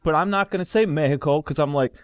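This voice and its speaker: A man's voice: fairly high pitch, quick pace, no echo. A man with a Texan accent, chatting and joking with friends on a podcast. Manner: animated, laughing, joking asides. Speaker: podcast co-host. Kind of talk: casual group chat.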